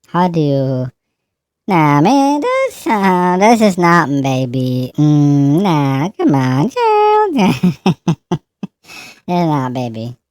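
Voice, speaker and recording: A man's voice: fairly high pitch, wildly swooping pitch, very slow, a little mellow, clean tone, no room sound, clean studio sound, voice pushed up, exaggerated voice. A man talking through a female voice-changer preset, playful and joking as he tests it. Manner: playful, laughing, trying out the effect.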